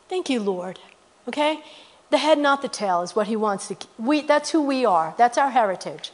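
A woman telling a story in a sermon, animated, repeating her phrases. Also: a little high, moderate pace. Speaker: speaker sharing testimony. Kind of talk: sermon testimony. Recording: long hall reverb.

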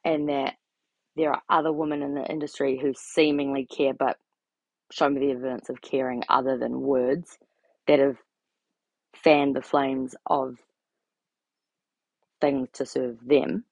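A woman's voice: extremely low pitch, little pitch movement, unhurried, vocal fry, long pauses, darkish tone, dry recording. A young adult woman talking straight to camera in a blunt, sweary, exasperated rant. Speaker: vlogger. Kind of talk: ranting casual monologue.

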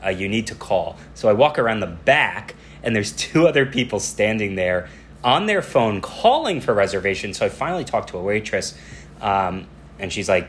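A man with a notably low voice co-hosts a podcast in easygoing chat. He tells stories at a relaxed pace and slips into quick bits of back-and-forth dialogue. A faint hiss sits under the recording. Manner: relaxed storytelling, acting out dialogue. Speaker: podcast co-host. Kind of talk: casual chat.

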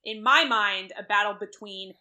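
A woman hosting a casual podcast chat, animated and opinionated, laughing often as she argues her picks. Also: medium pitch, normal speed. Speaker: podcast host running a movie bracket.

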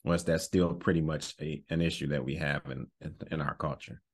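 Very deep-voiced laid-back interviewer. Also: a little fast, breathy edge. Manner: relaxed, laughs often, frequent "mm-hmm" backchannels. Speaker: interview host. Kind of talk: casual interview.

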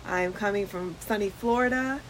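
A woman's voice: mid-range voice, moderate pace, slight background noise, rough recording. A woman podcast host and nurse telling a story in a casual, chatty way, full of "like" and "um," recorded outdoors on a front porch. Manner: chatty, with frequent "like" and "um" and laughter.

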